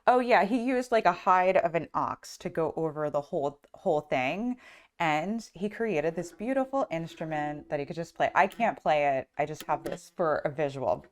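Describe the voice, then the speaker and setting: Brief: a casual female astrology teacher, slightly low pitch, rambling and conversational. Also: animated, normal speed. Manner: chatty, lots of "like" and "um". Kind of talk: casual storytelling lesson.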